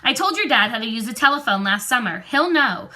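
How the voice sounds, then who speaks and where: A woman reading aloud, voicing a friendly twelve-year-old boy wizard in a brisk, matter-of-fact way, close to her own voice. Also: fairly high pitch, animated, pushed and bright. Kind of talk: storybook reading.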